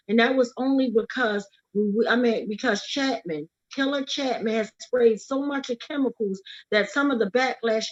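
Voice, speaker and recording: A woman speaking urgently and emphatically as an activist, repeating her key words for force. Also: on the high side. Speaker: activist speaking about her brother's death. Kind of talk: impassioned speech at a livestreamed rally. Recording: lo-fi livestream audio.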